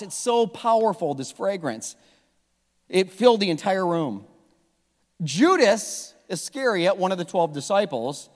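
A middle-aged man preaching a sermon as pastor, animated, joking and repeating words as he tells stories. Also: high-pitched. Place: church sanctuary. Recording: long hall reverb.

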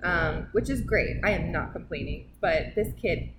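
Female guest, casual and warm-hearted reactions, noisy room. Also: lowish voice, normal speed. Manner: laughs easily, short reactions. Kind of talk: casual chat.

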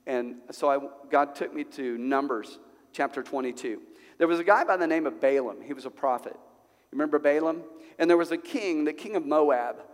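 A male pastor preaching a sermon at a church service, conversational and animated, full of rhetorical questions. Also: medium pitch. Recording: long hall reverb.

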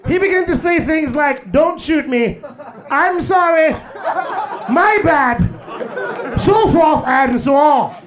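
A man's voice: extremely high pitch, expressive, takes it slowly, pauses often, crowd noise, heavily acted. A man voicing a stiff, clinical male nature-documentary narrator in a mock-formal tone. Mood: mock-solemn.

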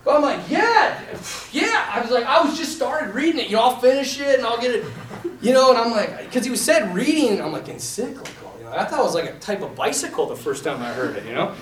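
A man telling a lively, self-mocking story to a crowd, acting out the voices of the people in it. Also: very high voice, fast. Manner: animated, self-mocking, acts out quoted voices. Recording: echoey room from a distance.

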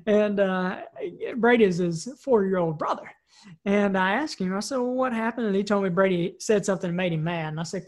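A woman's voice: mid-range voice, a little fast, darkish tone. Woman, personal development trainer, loose conversational delivery, repeats and restarts phrases. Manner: conversational, frequent "right?" tag questions; repeats and restarts words while thinking. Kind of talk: recorded training talk.

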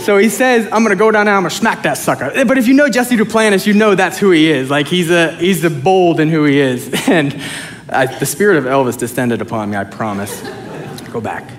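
A male pastor preaching a sermon, animated and joking, swinging between loud and soft. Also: on the high side, normal speed. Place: church sanctuary with congregation.

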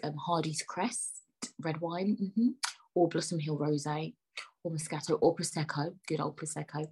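Husky low-voiced woman rambling. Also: a little mellow, rough recording. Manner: joking, chatty, self-mocking. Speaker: podcast host. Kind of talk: rambling solo podcast chat.

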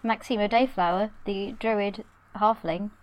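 A woman's voice: medium pitch, steady tone, a little slow, rough recording. A woman player in a tabletop game, describing a character in a cheeky, playful way. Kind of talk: casual chat at a tabletop game.

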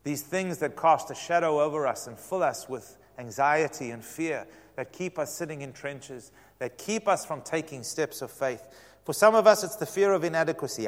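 A man preaching a sermon as pastor, telling a story with animated quoted voices. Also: a little high, normal speed. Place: church sanctuary. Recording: long hall reverb.

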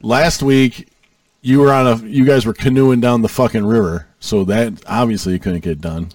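A man's voice: medium pitch, steady tone, normal speed, darkish tone, no echo, far from the mic. A man co-hosting a podcast, blunt and defensive, swearing as he pushes back. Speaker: podcast co-host. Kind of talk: casual banter.

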